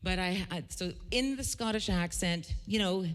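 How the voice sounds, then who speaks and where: A woman's voice: fairly low pitch, normal speed, few pauses, soft background music. A woman from Canada, a singer-songwriter, telling stories between songs in a chatty way, often restarting her sentences. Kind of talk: casual storytelling between songs.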